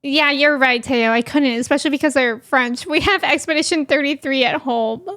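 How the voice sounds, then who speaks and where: A woman's voice: high voice, moderate pace, a bit bright. A young woman streaming a game, giggling and reacting aloud in casual chat. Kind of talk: casual live-stream commentary.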